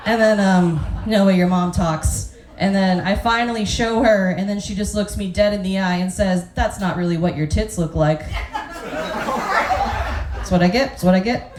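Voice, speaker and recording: A woman's voice: mid-range voice, steady tone, brisk, a crowd in the background. A woman in her thirties doing a brash, self-mocking stand-up set with crude punchlines, on a club stage with a handheld mic. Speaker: stand-up comedian. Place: comedy club stage with live audience. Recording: echoey club with audience noise.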